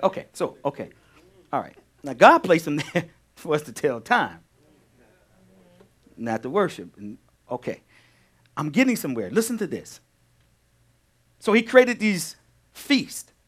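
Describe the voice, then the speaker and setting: A male pastor teaching a sermon, animated, repeating key phrases and firing questions at his congregation. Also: fairly high pitch, unhurried, pauses often, husky.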